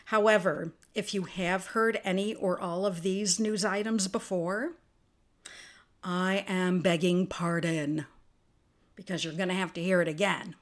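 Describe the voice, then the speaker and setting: A woman's voice: fairly low pitch, steady tone, unhurried. A woman hosting her own podcast in a casual solo monologue, chatty and spelling words out letter by letter. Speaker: podcast host.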